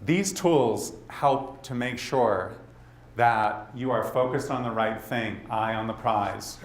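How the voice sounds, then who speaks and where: A man with a Boston accent presents to a conference audience in a mid-pitched voice, animated and direct, with frequent asides. The sound is roomy, as if from a hall. A faint hum of noise runs underneath. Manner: animated, talks straight to the audience with quick asides. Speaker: conference speaker. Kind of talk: leadership summit presentation.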